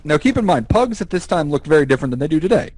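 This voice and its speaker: A man co-hosting a podcast, telling stories in an animated, profane, casual way and laughing as he goes. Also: fairly high pitch, very fast, slightly rough, no echo, low-quality recording. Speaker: podcast co-host. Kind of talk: casual storytelling chat.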